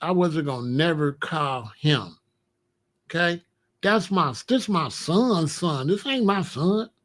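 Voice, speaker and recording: A man's voice: fairly high pitch, expressive, slow. An older man, a grandfather, talking casually to camera in a profane, taunting rant, laughing often and asking "you know what I'm saying?". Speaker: vlogger scolding his grandson.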